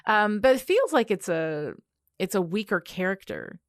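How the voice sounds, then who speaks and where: A woman's voice: mid-range voice, sing-song, normal speed, no room sound, clean studio sound. A woman co-hosting a podcast in casual chat, emphatic and thoughtful, with many fillers. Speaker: podcast co-host.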